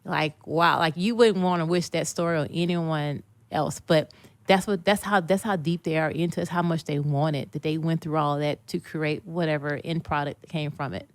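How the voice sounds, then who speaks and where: Low-voiced female guest, motivational, dry close mic. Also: steady tone, moderate pace, dry recording. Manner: earnest, motivational, repeats phrases. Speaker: guest, dietitian and author. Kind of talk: casual interview chat.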